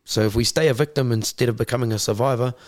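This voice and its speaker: A New Zealand man in his forties, a guest on an interview podcast, tells his story candidly and conversationally in a quick, mid-range voice. He's blunt, swears freely, often restarts sentences and acts out other people's voices. The studio-quality recording has no echo.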